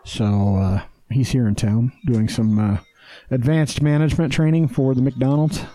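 A man's voice: mid-range voice, fairly even intonation, measured pace, warm tone. A man hosting a casual podcast, rambling and swearing freely, with lots of fillers. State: hyped on energy drinks. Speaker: podcast host. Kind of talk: casual chat.

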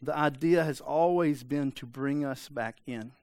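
A man's voice: mid-range voice, a little slow, a little mellow. A man preaching a sermon in a conversational way, often asking the congregation for an amen. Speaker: pastor.

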